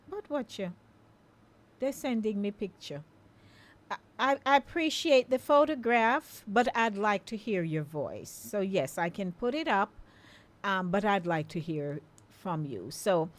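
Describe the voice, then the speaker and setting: A middle-aged Jamaican woman hosting a live call-in radio show, chatting in a coaxing, friendly way and inviting listeners to phone in. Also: mid-range voice.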